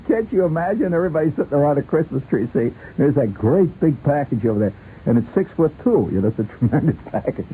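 A man's voice: a little high, sing-song, brisk, breathy edge. Rambling playful male radio host. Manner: playful, rambling, laughs often. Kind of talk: rambling comic radio talk. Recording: tinny lo-fi radio with faint hiss.

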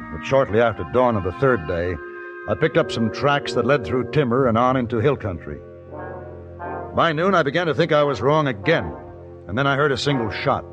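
An actor playing a calm, tough Western manhunter who also narrates, speaking dry, terse and steady in 1950s radio drama style. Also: male voice, medium pitch, close to an everyday voice. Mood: narrating. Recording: dull old radio recording with music.

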